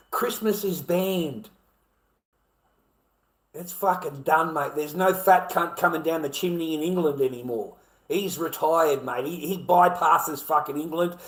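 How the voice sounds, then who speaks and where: Ranting Australian man with a higher voice. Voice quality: blunt, profane, repetitive phrasing. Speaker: vlogger. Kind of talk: angry ranting monologue. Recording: echoey room.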